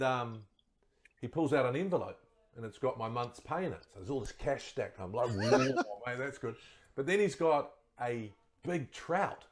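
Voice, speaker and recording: A former rugby player from New Zealand, appearing as a guest, spins relaxed yarns in a mid-range voice. He laughs at his own stories throughout the casual chat.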